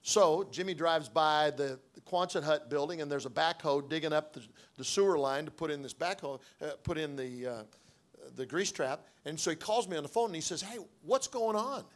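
A man's voice: fairly high pitch, fairly quick. A middle-aged man preaching through a personal story, in a conversational way, acting out the dialogue with frequent restarts. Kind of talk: sermon storytelling.

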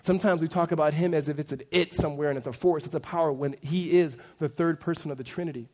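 A man in his thirties preaching a sermon to his congregation in a conversational way, dropping to a hush and then rising to emphatic points. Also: on the high side, fairly even intonation, fast, hardly any pauses. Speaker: pastor.

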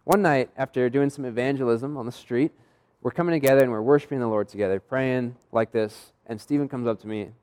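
A man's voice: medium pitch, fairly quick, darkish tone, smooth. A young adult man preaching a sermon in a conversational storytelling style, acting out the voices of people in his stories. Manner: conversational, acts out quoted dialogue. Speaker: pastor.

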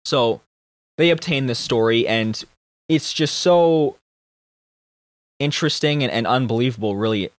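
A man hosting a casual podcast, explaining news stories in a measured way. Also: mid-range voice, no room sound. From Canada. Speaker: podcast host.

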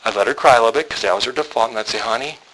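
Bright-voiced man telling stories in a sermon. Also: mid-range voice, very fast, a little hiss or hum, low-quality recording. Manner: candid, joking storyteller who acts out quotes. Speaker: men's ministry speaker. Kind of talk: storytelling sermon to men.

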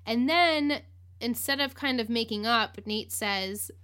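A woman's voice: a little high, measured pace, sharp tone. A woman hosting a podcast, recapping an episode in casual chat, with lots of "like", acted-out quotes and laughter. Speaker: podcast host.

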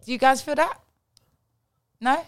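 A woman's voice: high voice, unhurried, heavy background noise. A woman who hosts a podcast and leads the discussion in casual chat. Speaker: podcast host.

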